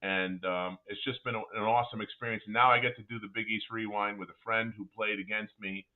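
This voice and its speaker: A middle-aged man, a former college basketball player, telling animated anecdotes as a guest with frequent restarts. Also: fairly low pitch, fast. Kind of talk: casual interview storytelling. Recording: tinny phone-like line.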